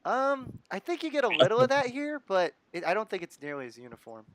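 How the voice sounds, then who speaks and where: A US man running a live stream chats casually, laid-back and chuckling as he reads comments from viewers aloud. His voice is high-pitched and sing-song, fast and a bit bright, in a dry recording.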